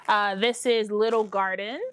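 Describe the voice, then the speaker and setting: A woman hosting a casual crafting vlog, talking in a chatty, excitable way with self-deprecating asides. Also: mid-range voice, unhurried, slight background noise. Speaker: podcast host.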